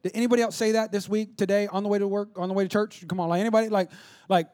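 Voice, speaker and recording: A man preaching a sermon in a conversational, repetitive way that builds to shouting. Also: high voice, steady tone, rapid-fire.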